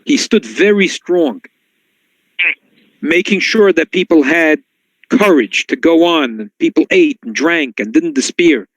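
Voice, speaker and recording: Male rabbi, sermon-style class, slightly high voice, dry and close, animated storyteller. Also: a little slow, gravelly, dry recording, low-quality recording. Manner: storytelling, swings to high excited tones when quoting. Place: synagogue.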